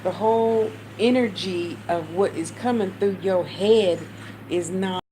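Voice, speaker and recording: Speaking from home with a fan on, this spiritual channel host has a warm, medium-pitched voice and a slightly slow pace. The American woman swears liberally while giving her viewers laid-back, straight-talking spiritual advice, and a noisy fan and traffic can be heard behind her.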